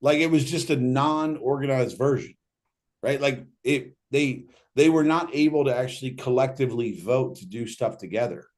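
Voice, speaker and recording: A man's voice: medium pitch, normal speed, darkish tone. Joking man reading out viewer questions. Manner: loose, joking, reads questions aloud. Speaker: host reading audience questions. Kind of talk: casual livestream Q&A.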